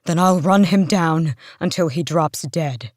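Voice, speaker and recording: A woman's voice: deep voice, unhurried, darkish tone, dry recording, studio quality. A woman reading aloud, voicing a fierce male warrior who speaks in short, grim lines.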